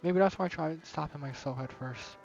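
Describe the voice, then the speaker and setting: A man gives voice to an intense, obsessive teenage girl from a visual novel. The reading is soft and fairly high for a man's voice. It comes through a dull, lo-fi recording. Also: a little fast, creaky, soft background music.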